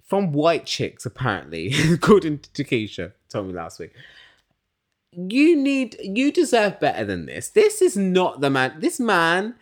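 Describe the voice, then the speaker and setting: Animated, sweary male recap host. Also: fairly high pitch, a little slow. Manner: animated, opinionated, swears a lot. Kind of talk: casual recap commentary.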